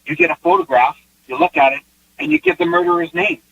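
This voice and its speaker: A Canadian man appearing as a guest psychic tells a long case story in casual interview talk, animatedly acting out the lines he quotes and often restarting. His voice is very high-pitched and fast, with vocal fry. The audio is dull, lo-fi online call sound.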